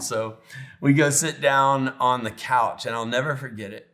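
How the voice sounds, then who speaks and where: Middle-aged man, pastor, sermon storytelling, emotional, animated, dips soft and tender. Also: mid-range voice, normal speed. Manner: emotional, animated storytelling, drops to near whisper when tender.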